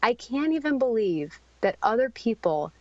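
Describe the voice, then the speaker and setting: A middle-aged woman telling a painful personal story in a podcast interview, halting and searching for words, with frequent ums and restarts. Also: on the high side, very animated, no echo. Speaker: guest. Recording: dry, slightly dull podcast audio.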